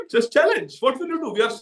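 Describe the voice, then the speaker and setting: A mischievous young cowherd, as a preacher plays him, cocky and daring, with a high voice. He echoes through a large hall from a distance. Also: exaggerated voice. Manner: cocky, challenging.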